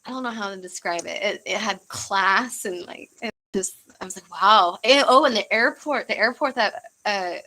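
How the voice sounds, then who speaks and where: Speaking at medium pitch and a moderate pace with few pauses, a young American livestream host sounds bright and forceful. She rambles casually through her chat, using fillers and laughing easily, on a rough-sounding recording.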